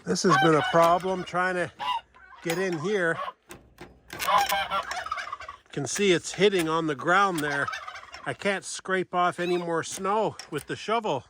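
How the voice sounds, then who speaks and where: A man with a high voice talks at a measured pace with frequent pauses against a noisy background. Walking around his farm outdoors for a casual vlog, he speaks to the camera and his animals as turkeys gobble and poultry chatter nearby.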